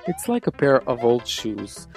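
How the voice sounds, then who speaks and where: A man's voice: mid-range voice, sing-song, unhurried, gravelly, a little mellow, faint music behind. A man from Quebec reading a scripted countdown of his favourite video games, enthusiastic and nostalgic about his childhood. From Quebec, Canada. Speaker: video game reviewer.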